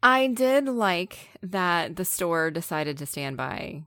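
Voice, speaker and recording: A woman's voice: fairly low pitch, big pitch swings, slow, fairly bright tone, no echo. A woman co-hosting a film podcast in casual chat, with dry, understated reactions. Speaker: podcast co-host. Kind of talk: casual chat about films.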